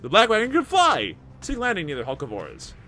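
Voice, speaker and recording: A man hosting a gameplay video, reading the game's text aloud and commenting with excitement. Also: high-pitched, fairly quick, faint music behind. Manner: animated, reads dialogue aloud with excitement.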